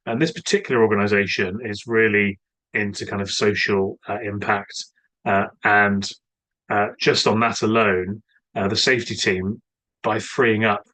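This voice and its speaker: Male host of an online roundtable, bright and forceful tone, dry close sound, halting delivery full of fillers. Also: fairly low pitch, steady tone, no echo, poor audio. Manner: hesitant, many filler sounds. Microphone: video call.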